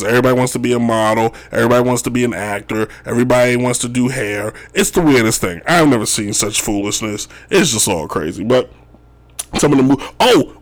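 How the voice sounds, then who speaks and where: Rambling, joking male sports talk host. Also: medium pitch. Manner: rambling, joking, says "if you will" often. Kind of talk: casual sports commentary. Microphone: wearing Chicago sports gear.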